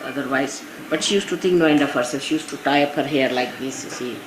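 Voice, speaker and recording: A woman's voice: very deep voice, fast. A woman from India with an Indian English accent gives an informal spiritual talk to her followers, telling anecdotes and dropping in frequent "you see" asides. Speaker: spiritual teacher. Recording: echoey 1980s archive recording with faint hiss.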